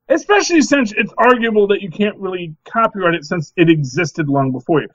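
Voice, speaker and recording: A middle-aged man co-hosting a podcast, talking in a rambling, animated casual chat full of restarts. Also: high-pitched, moderate pace, no echo, dull audio. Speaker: podcast co-host.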